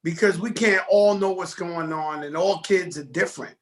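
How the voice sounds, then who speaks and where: New york guy rambling and joking on a video call, kinda high pitched. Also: normal speed. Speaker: guest. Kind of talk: casual interview talk.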